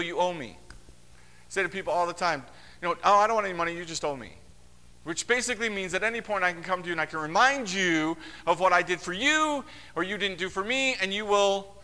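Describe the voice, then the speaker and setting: Lively pastor, talks to the congregation like a friend, voices the characters in his stories, bright tone, big reverberant hall. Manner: animated, conversational, acts out quotes with big pitch swings. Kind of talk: sermon.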